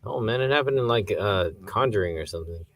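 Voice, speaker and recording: A man's voice: on the low side, expressive, fast talker, dry recording, soft background music. Laid-back man joking on a podcast. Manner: laughs often, loose joking banter. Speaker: podcast co-host. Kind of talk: casual movie review chat.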